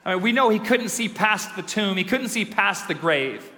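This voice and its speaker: Man, pastor, emphatic sermon, ringing reverberant church hall, bright tone. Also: sits high. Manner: energetic, emphatic preaching with dramatic slow pauses.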